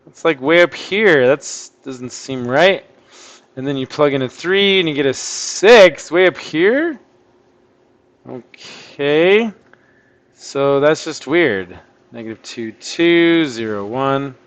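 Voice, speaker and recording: A math teacher with a slightly high voice works through a lesson for his online class, speaking slowly with lively intonation. He thinks aloud in a chatty manner and bursts into sudden surprised exclamations while solving the problems.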